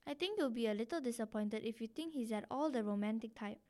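A woman's voice: a little high, quick pace, mellow, lightly acted. A woman reading aloud as a sensible young wife and mother who answers politely and protests firmly. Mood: protesting.

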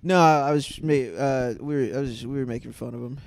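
A man's voice: mid-range voice, fairly even intonation, fairly quick, creaky, a little mellow, dry recording. A man co-hosting a podcast, trash-talking and teasing his friends in crude banter.

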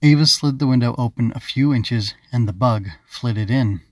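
Man, audiobook narrator, calm, even, middle pitch, dry close recording. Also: moderate pace, no room sound. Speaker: author and narrator.

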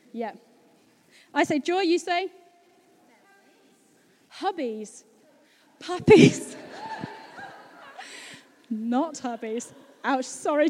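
A woman's voice: high-pitched, darkish tone. A chatty, bubbly woman, giving a casual sermon to her congregation as pastor. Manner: bubbly and chatty, laughing easily.

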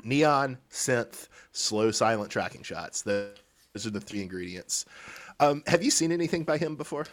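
A man's voice: mid-range voice, lively intonation, moderate pace, fairly bright tone. A man co-hosting a podcast in casual chat, teasing his partner and laughing often. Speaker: podcast co-host.

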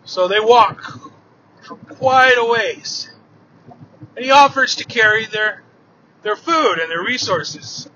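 Slow, bright-voiced male storyteller. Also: sits high. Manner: relaxed, vivid retelling. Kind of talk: oral storytelling of myths. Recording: dull lo-fi with faint noise.

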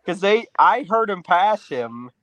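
A man's voice: high-pitched, sing-song, unhurried, fairly bright tone, low-quality recording. A man on a podcast in casual chat, eagerly prompting a friend's story and chiming in. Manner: eager, prompts stories, chimes in. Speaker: podcast co-host.

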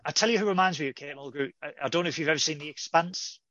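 A man's voice: fairly high pitch, racing, pushed and bright, lo-fi sound. A man co-hosting a casual podcast chat, telling stories with animation and acting out quoted lines.

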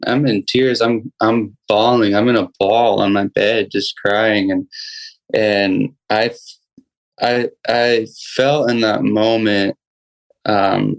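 A young man, a guest musician, telling a personal story in a casual interview, halting with many restarts and fillers. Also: on the low side, rough recording.

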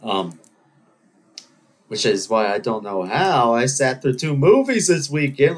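A man's voice: mid-range voice, lively intonation, measured pace, pauses often. A man hosting his own podcast, talking alone in a rambling, self-mocking way and slipping into playful voices. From Greek heritage. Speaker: podcast host. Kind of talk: casual solo monologue.

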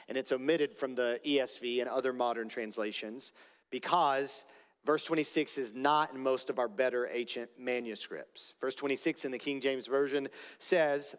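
A man, a pastor, giving a sermon, speaking deliberately and repeating key phrases for emphasis. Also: mid-range voice, fairly even intonation, clear, resonant tone, long reverb tail.

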